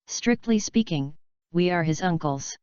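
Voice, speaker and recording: A woman voicing a calm, gentle young male ninja leader with a steady, even delivery. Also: lowish voice, unhurried, smooth, no echo. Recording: slightly dull, dry lo-fi recording.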